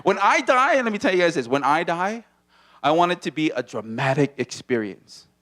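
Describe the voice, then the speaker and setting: A stand-up comedian from Hawaii performing in a small comedy room on a handheld stage mic, playful and animated, often dropping into silly voices. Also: male voice, normal speed. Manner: animated, playful, slips into character voices and movie-trailer deep voice.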